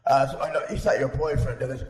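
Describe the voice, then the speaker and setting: A man's voice: mid-range voice, fairly even intonation, quick pace, natural voice. A man voicing a snobbish, bigoted, wealthy older aunt, speaking primly and giggling at her own remarks in an improvised comedy sketch. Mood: haughty gossip. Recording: roomy echo.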